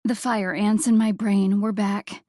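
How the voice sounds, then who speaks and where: Woman narrator, first-person audiobook, wry and expressive, slow unhurried delivery, dry close sound. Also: medium pitch, no room sound.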